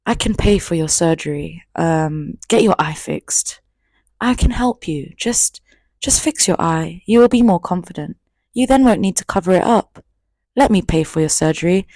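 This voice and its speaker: A woman's voice: on the low side, expressive, normal speed, warm tone, dry recording. A woman mimicking a pushy, controlling ex-boyfriend in a storytime vlog, wheedling and demanding by turns. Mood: smug coaxing. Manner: wheedling then sulky and demanding.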